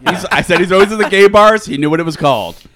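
A man's voice: sits high, fast talker, a bit bright. A man co-hosting a podcast, teasing and laughing through casual comedic banter. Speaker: podcast co-host.

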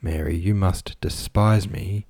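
A man's voice: deep voice, steady tone, slow pace, a little mellow, breathy edge, no echo, exaggerated voice. Hot-tempered remorseful landowner, read by a man. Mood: earnest remorse. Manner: heated then contrite.

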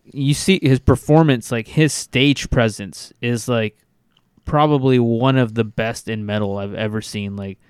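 A man's voice: mid-range voice, unhurried, darkish tone, smooth, no room sound, studio quality. A man in a casual music discussion who talks with enthusiasm and often restarts his sentences.

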